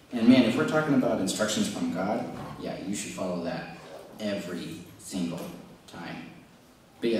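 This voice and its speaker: A man's voice: lowish voice, darkish tone, slight background noise. A young man telling a rambling, casual story with many fillers, talking to kids. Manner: chatty, rambling, lots of fillers. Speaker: children's message speaker. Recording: very echoey room from far off.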